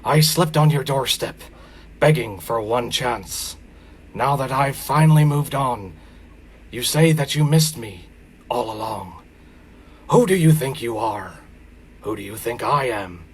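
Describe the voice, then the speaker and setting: A man doing an impression of a grim action-movie star, reading lyrics slowly as if they were a dramatic speech. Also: medium pitch, animated, husky. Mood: grave. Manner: slow, grave dramatic reading. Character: grim, low male action-movie hero.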